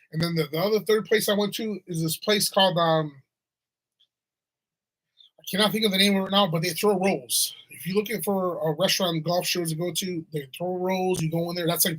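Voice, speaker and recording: A man's voice: on the high side, sharp tone, slightly rough, rough recording. A middle-aged restaurant owner rambling through a casual story, often restarting his sentences and acting out other people's voices.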